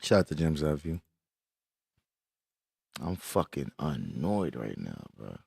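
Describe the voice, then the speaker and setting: A man's voice: rumbling low, very animated, slow, gravelly, darkish tone, breathy edge, no room sound, studio quality. A man live-streaming casual chat from his computer, swearing in frustration and greeting viewers as he works.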